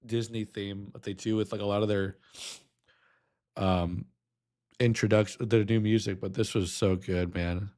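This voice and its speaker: A man's voice: mid-range voice, darkish tone. A young adult man streaming, reacting with emotion, choked up and nostalgic, humming a melody now and then.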